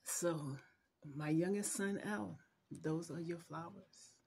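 A middle-aged woman giving a heartfelt video message to her adult son, holding back tears and speaking tenderly and haltingly, sometimes dropping to a whisper. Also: fairly low pitch, gravelly, mellow, a little hiss or hum.

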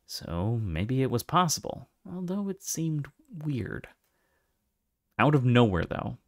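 A man reads a fantasy novel aloud, his pitch rising and falling in lively, expressive storytelling. His voice sits mid-range and sounds dry and close. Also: dry recording. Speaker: audiobook reader. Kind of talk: scripted narration of a fantasy novel.

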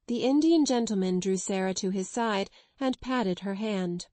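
A woman narrates a classic children's novel for an audiobook. Her reading is even and clear, and the recording is dry and close, with no room sound. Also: mid-range voice, normal speed, hardly any pauses, no room sound. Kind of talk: scripted narration.

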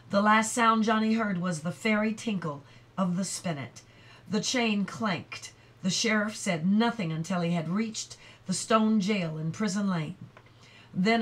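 Slow, measured woman reading aloud. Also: medium pitch. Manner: measured, unhurried storytelling. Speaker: reader.

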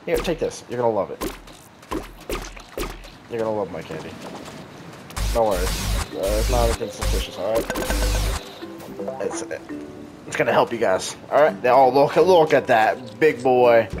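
Animated sarcastic young man gaming. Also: mid-range voice. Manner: sarcastic, jokey, talks to game characters. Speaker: gaming YouTuber. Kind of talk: let's play commentary.

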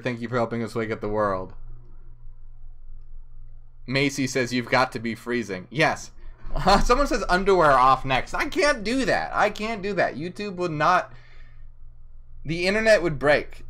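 With a mid-range, very animated voice that's bright and forceful at a moderate pace, a drunk livestream host rambles and reads out viewer comments. He's giggly, slurs his words and gets flustered easily, in a chilly indoor room.

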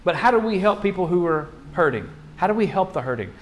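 A male pastor preaching in a loose, conversational way. His voice sits a little higher than most men's, and he leans on rhetorical questions and quick restarts as he talks through the sermon. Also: expressive.

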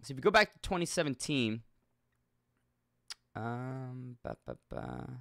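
A man commenting casually on a video, blunt and animated, swearing now and then. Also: mid-range voice, unhurried, vocal fry, dry recording, studio quality. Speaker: YouTube commentator.

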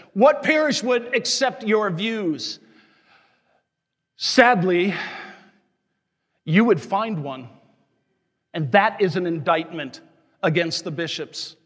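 A man's voice: high-pitched, a bit bright. A man giving a sermon as a Catholic parish priest, preaching in an impassioned, scolding and emphatic way. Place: church. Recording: long church reverb.

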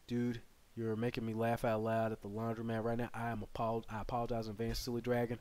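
A man streaming a game live, chatting with viewers and bursting into loud excited yells. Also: mid-range voice, fast. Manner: excitable, bursts into loud yelling, banters with chat. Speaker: gaming streamer. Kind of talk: live gameplay commentary.

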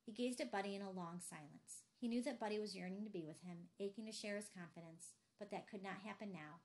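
A woman narrating a novel aloud in a steady, measured way. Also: mid-range voice. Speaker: audiobook reader.

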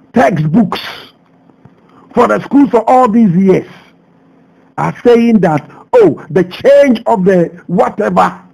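A Ghanaian man hosting a radio show, delivering a passionate commentary full of rhetorical questions, swinging between loud outbursts and low asides. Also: gravelly, husky, poor audio. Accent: Ghanaian English. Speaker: radio host. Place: radio studio.

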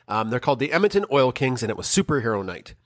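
A man's voice: medium pitch, very animated, fast talker, no room sound, studio quality. A middle-aged man co-hosting a podcast, telling a family story in a rambling way with frequent ums and restarts. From Canada. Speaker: podcast co-host. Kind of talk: casual chat.

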